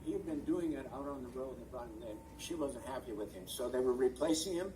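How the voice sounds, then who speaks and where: Here an older stage and screen actor chats through meandering stories as an interview guest, frequently searching for the right word. His medium-pitched voice is mellow and brisk with animated intonation. The video-call audio is rough, distant from the mic, with a bit of hiss or hum.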